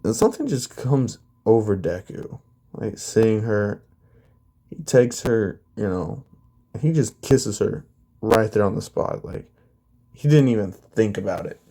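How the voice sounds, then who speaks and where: A man telling a fan story in a relaxed, unhurried drawl, using a lot of fillers and casual swearing. His voice is low and mellow. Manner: laid-back, swears freely, filler-heavy.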